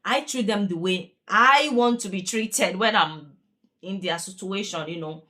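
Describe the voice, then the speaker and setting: A woman's voice: medium pitch, unhurried, pushed and bright. A young woman, a care worker talking in a chatty, earnest, repetitive way in a casual vlog. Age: young adult.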